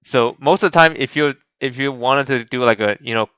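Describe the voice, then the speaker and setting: A man's voice: medium pitch, brisk, fairly bright tone, clean tone, no echo, highs cut off. A man hosting a gaming channel, giving casual game commentary and rambling with many restarts and fillers. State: voice cracking.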